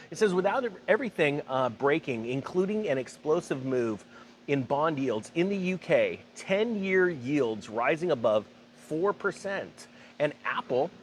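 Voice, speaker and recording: A man's voice: fairly high pitch, a little hiss or hum. A man hosting a finance commentary vlog, talking emphatically and sarcastically with rambling asides. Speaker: finance channel host.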